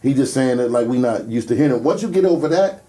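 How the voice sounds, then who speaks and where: A man co-hosting a podcast in casual, profane chat, who jumps into quick impressions of people in his stories. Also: mid-range voice. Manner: animated, profane, acts out voices in his stories. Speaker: podcast co-host.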